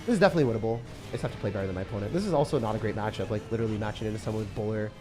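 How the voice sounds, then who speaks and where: A young man streaming a game live, reacting loudly and then mumbling low as he talks through decks. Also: rapid-fire. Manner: excitable, swings from shouting to low mumbling. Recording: faint music behind.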